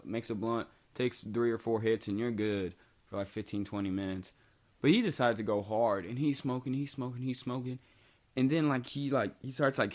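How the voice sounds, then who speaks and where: A young man telling a story to camera in a rambling, profane, animated way, packed with fillers. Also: medium pitch. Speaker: vlogger. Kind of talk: casual storytelling.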